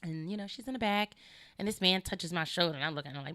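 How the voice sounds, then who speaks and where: A woman's voice: lowish voice, lively intonation, quick pace, a bit bright. A woman co-hosting a podcast in casual chat, blunt and profane and laughing a lot. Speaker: podcast co-host.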